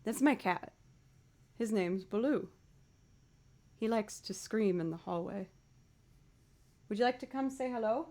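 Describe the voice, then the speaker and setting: A woman's voice: mid-range voice, measured pace, long pauses, darkish tone. A woman musician chatting casually on her livestream, bubbly as she thanks viewers one by one.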